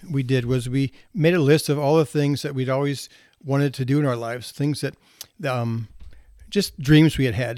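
A man's voice: medium pitch, a little mellow, no room sound, clean studio sound. A man in his sixties, a physician, telling anecdotes about marriage and parenting in a casual way, chuckling now and then. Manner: anecdotal, with laughter and restarts. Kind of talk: casual storytelling talk.

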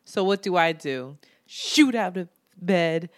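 Young woman telling an animated story. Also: on the low side, slow pace, dry recording, studio quality. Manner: animated storyteller, swears freely, acts out quoted people. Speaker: podcast co-host. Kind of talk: casual chat.

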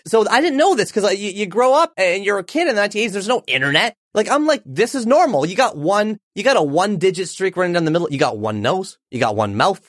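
A man in his forties, an author guest on a podcast, telling a personal story in an animated, emphatic way. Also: sits high, fast talker, few pauses, dry recording, clean studio sound. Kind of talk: storytelling in an interview.

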